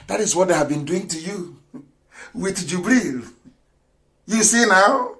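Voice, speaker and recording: Forceful man broadcasting. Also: high-pitched, animated, moderate pace. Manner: emphatic and mocking, repeats words, laughs scornfully. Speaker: political broadcaster addressing followers. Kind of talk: impassioned online broadcast.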